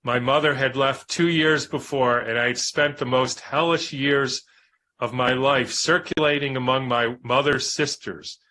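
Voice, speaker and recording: A man reading a book aloud in a measured, reflective way, pausing for spoken asides. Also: medium pitch, pushed and bright. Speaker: reader and commentator.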